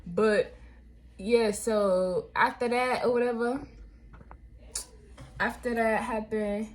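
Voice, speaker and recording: A young woman, telling viewers a storytime vlog in animated, slangy talk. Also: on the high side, slow. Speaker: vlogger.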